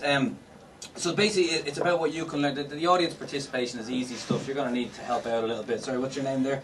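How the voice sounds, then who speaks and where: An Irish man doing stand-up, teasing the audience in cheeky banter with lots of fillers. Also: mid-range voice. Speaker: stand-up comedian. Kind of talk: live comedy show audience work. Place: live comedy venue. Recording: distant mic, noisy live room.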